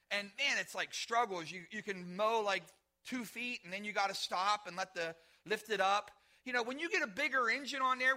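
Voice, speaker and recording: A man preaching a sermon in a high, very bright voice. He repeats his phrases for emphasis and calls on the congregation to say words back to him. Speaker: pastor.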